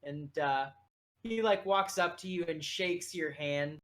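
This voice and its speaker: A man's voice: fairly high pitch, slow pace, noisy background. A man narrating a tabletop game as game master, casual and full of fillers.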